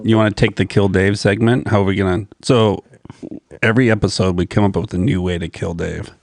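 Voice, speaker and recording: A man's voice: lowish voice, fairly even intonation, brisk, creaky. A man co-hosting a casual podcast, teasing the others in banter. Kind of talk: casual group chat.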